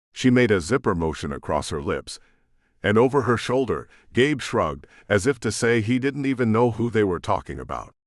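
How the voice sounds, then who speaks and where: A male audiobook narrator with a fairly low voice, reading in measured storytelling with lively shifts of pitch. The recording is dry and close. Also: no room sound. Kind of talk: scripted narration.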